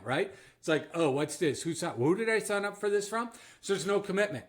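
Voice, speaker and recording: A Canadian-accented man coaches other business owners in a direct-to-camera talk, his voice sitting a little high for a man. He is emphatic and keeps checking in with his listeners as he drives each point home.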